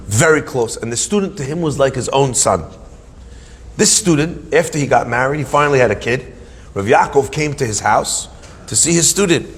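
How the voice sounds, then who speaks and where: A man giving a storytelling Torah lesson, acting out the quotes and swinging between hushed and emphatic. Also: mid-range voice, long reverb tail. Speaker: rabbi giving a Torah talk.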